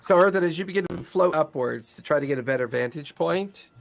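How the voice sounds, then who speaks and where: High voiced guy running a tabletop game, playful, laughs a lot. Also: brisk, gravelly. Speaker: game master.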